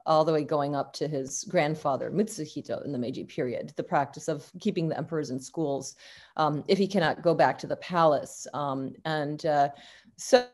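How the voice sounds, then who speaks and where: A woman with a fairly low voice delivers a university lecture. She speaks loosely and unscripted, pausing often with fillers and repeating words as she restarts her thoughts. Her tone stays conversational and explanatory throughout. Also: darkish tone.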